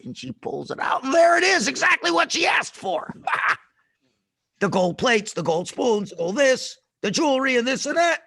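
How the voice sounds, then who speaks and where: A rabbi telling a lesson story to children over a video call, dramatic and full of questions to the kids. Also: male voice, very high-pitched, big pitch swings, moderate pace, gravelly, bright, forceful tone, breathy edge, no echo, studio quality.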